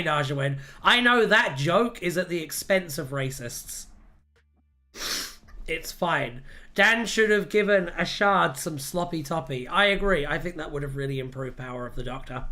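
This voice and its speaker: A man hosting a casual livestream, animated and laughing often as he rambles through jokes and rants. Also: fairly high pitch. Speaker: livestream host.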